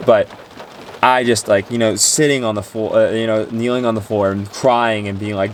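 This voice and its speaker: A man's voice: lowish voice, fairly even intonation, moderate pace, slight background noise. A man talking earnestly and emotionally to camera about his faith, rambling with restarts and sounding tearful. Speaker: Christian vlogger. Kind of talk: personal faith talk to camera.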